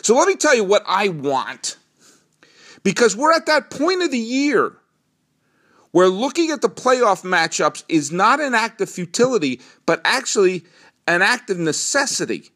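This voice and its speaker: Speaking at a measured pace, this middle-aged New England host runs a solo sports podcast. His delivery is rambling and lively, moving from quiet asides to bursts of excitement.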